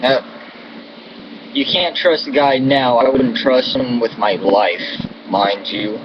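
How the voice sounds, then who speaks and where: An American vlogger speaks to camera at a medium pitch and an unhurried pace, delivering an angry, profane political rant full of contempt and insults. The audio is dull and lo-fi, with an air-conditioning hum behind him.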